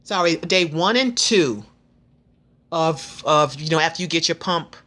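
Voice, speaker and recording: A woman's voice: low-pitched, animated, measured pace, fairly bright tone. A woman of fifty sharing frank, earnest advice in a casual vlog, chatty and faith-filled, often restarting her sentences. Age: 50s. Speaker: vlogger.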